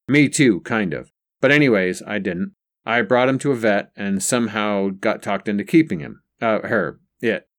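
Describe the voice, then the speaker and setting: A man's voice: lowish voice, normal speed, lightly acted. A man voicing a coaxing grown son. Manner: coaxing, hesitant. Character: eager adult son, pleading, hesitant.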